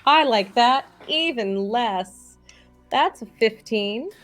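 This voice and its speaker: A woman's voice: fairly high pitch, expressive, takes it slowly, soft background music. A woman playing a tabletop game, talking through her rolls in an upbeat, matter-of-fact way. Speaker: player. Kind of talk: casual tabletop game play.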